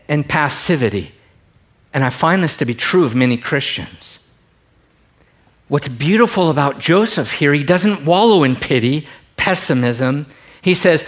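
Pastor, middle-aged man, lively and joking sermon delivery, slightly higher voice than most men, big swings in loudness. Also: a little slow. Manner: animated, joking, swings between quiet emphasis and loud bursts.

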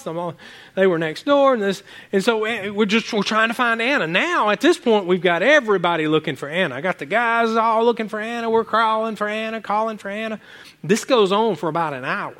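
A man preaching a sermon, telling animated stories from home with many restarts and asides to the congregation. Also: high-pitched. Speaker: pastor.

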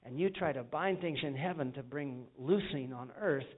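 A man's voice: mid-range voice, normal speed, slightly rough. Earnest man preaching over a tinny line. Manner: earnest storytelling, acting out quoted voices. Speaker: evangelist preacher. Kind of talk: sermon. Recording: tinny phone-like sound.

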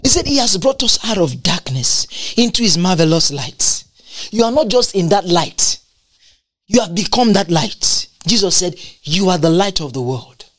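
A woman's voice: lowish voice, animated, normal speed. A woman preaching a sermon with emphatic, repetitive delivery and scripture quotations. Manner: emphatic, repeats lines for effect, quotes scripture.

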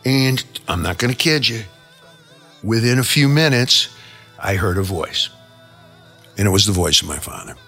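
Husky, lively, profane male show host. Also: on the low side, normal speed, pauses often, faint music behind. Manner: brash, profane, rambling. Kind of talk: comic storytelling monologue.

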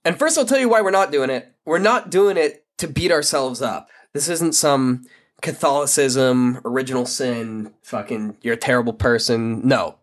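A man of medium pitch hosting a solo podcast. He talks in a casual, candid way. He is blunt and swears freely. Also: normal speed. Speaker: podcast host.

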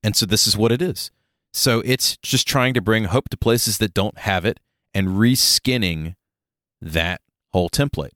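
Deep-voiced joking podcast co-host man. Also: a bit bright, dry recording, studio quality. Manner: joking, rambling, quick asides. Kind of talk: casual tabletop gaming chat.

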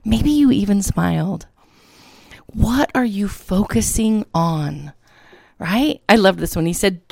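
A woman hosting a motivational podcast, a little hoarse and tired, talking with energy and asking her listeners for a response. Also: medium pitch, no room sound, studio quality. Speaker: podcast host, motivational speaker.

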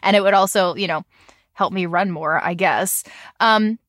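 A woman's voice: lowish voice, moderate pace, fairly bright tone, no echo. Thirties woman podcast host, kinda nasal from a cold, chatty, dry close mic. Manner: chatty, with fillers and light laughs. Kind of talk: casual podcast chat with a sponsor read.

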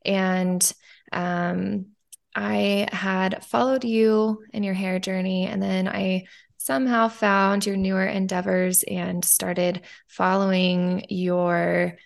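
A woman's voice: mid-range voice, level tone, slow, vocal fry. A woman hosting a podcast in casual interview chat, rambling with frequent ums and restarts. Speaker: podcast host.

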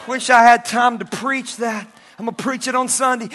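A middle-aged male pastor delivers a sermon in a strikingly high, bright voice. He tells his story with animated energy and breaks into bursts of shouting. The sound rings out with a long reverb, as in a large hall. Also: fairly quick.

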